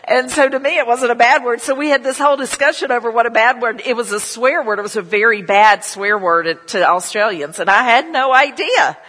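A woman's voice: on the high side, brisk, few pauses, a bit bright, in a large hall, a little hiss or hum. A middle-aged woman pastor, leading prayer and telling chatty stories in a sermon, full of "you know" asides. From southern United States.

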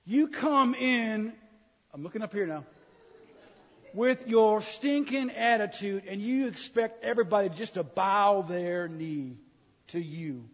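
A man's voice: high-pitched, expressive, a little slow. A man preaching a humorous sermon, teasing the congregation and acting out grumbling complaints. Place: church sanctuary. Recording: reverberant church hall.

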